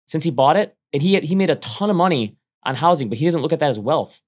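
Brief: brisk male podcast co-host, casual money talk, rapid delivery with quick restarts. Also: on the high side. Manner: quick, animated, restarts mid-sentence. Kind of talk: casual finance chat.

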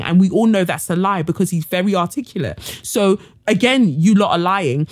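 A woman's voice: mid-range voice, animated, a little fast, hardly any pauses, darkish tone. A woman podcast host with a London accent, ranting bluntly and indignantly, swearing freely. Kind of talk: ranting monologue.

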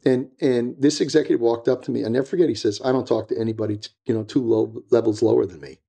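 This guest, a retired DEA agent, has a warm, creaky, mid-range voice with a breathy edge and talks at a quick pace. In a casual interview he rambles bluntly, repeats points, and acts out what others said.

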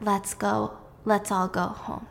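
A woman's voice: medium pitch, level tone, takes it slowly, creaky, slight background noise. A woman retelling a film, speaking for a vengeful, grieving mother whose words come out raw and bitter. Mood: quiet. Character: vengeful middle-aged mother in wheelchair.

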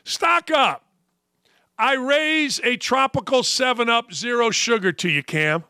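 A brash male sports talk host tears through his opinions in a mocking, animated monologue. His voice sits high and sounds bright and forceful. The studio sound is dry and close, with no room around it. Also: a little slow, clean tone, dry recording.

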